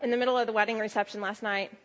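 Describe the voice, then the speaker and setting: Lively woman preaching a sermon. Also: a little high, rapid-fire. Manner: lively storytelling with quoted asides.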